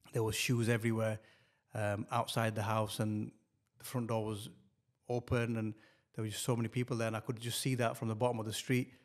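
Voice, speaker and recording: A middle-aged man, telling a personal story as a podcast guest, halting and repeating words with many fillers. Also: mid-range voice. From northern England.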